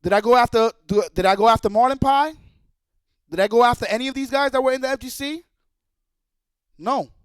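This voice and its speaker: A man with a very high voice rants at a streaming audience, angry and cursing as he hammers the same points again and again. The sound is dry and close, with no room around it. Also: brisk, long pauses, clear, resonant tone, dry recording. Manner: angry, profane, repetitive. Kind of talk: heated rant.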